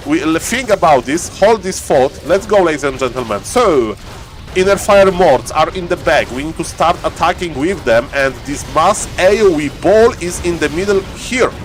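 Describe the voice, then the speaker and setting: A man giving chatty, excitable live commentary on a strategy game stream, laughing often and restarting his phrases. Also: a little high, normal speed, soft background music.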